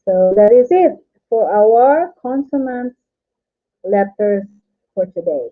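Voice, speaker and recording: A woman's voice: mid-range voice, animated, slow pace. A woman teaching on a live stream, patiently repeating each syllable several times. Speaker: language teacher. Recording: tinny phone-like audio.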